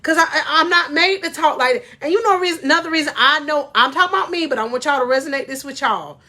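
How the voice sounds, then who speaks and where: A woman's voice: high voice, quick pace, sharp tone. A middle-aged woman gives a faith-based motivational talk to camera as a life coach, emphatic and preachy, calling her viewers "y'all.".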